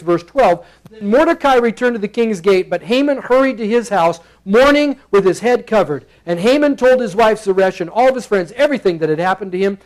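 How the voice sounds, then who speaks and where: High-voiced playful preacher. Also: male voice, low-quality recording. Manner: playful, acts out the characters in bursts. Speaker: pastor. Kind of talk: expository sermon. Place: church sanctuary.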